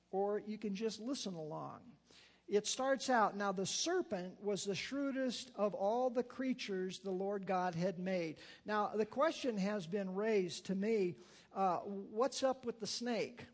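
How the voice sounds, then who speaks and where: A man preaching a sermon, talking casually with fillers and asides between readings of scripture. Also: sits high. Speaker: pastor.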